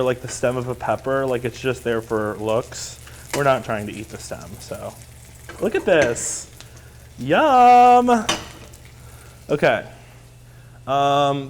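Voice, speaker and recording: A man teaching a live cooking class. His talk is slow and chatty, upbeat and a little self-deprecating. Pans sizzle and cookware clatters faintly behind him in the kitchen. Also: mid-range voice, a little hiss or hum. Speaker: cooking instructor. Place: kitchen studio. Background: sizzling pan and clattering cookware.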